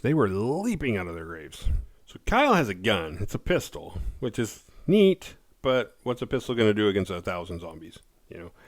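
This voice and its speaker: A man with a fairly low voice casually recaps a horror movie's plot, laid-back and profane, slipping into quick character voices. The recording is dry and studio quality.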